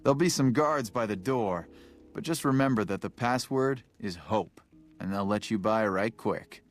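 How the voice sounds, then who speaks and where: Plainspoken game soldier played by a man, lowish, faint music behind. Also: moderate pace, lightly acted. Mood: friendly. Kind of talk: video game dialogue.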